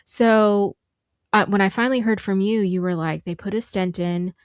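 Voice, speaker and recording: A woman's voice: medium pitch, steady tone, normal speed, no echo, clean studio sound. A middle-aged woman co-hosting a podcast, telling an emotional family story with lots of quoted dialogue. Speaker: podcast co-host. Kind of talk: conversational storytelling.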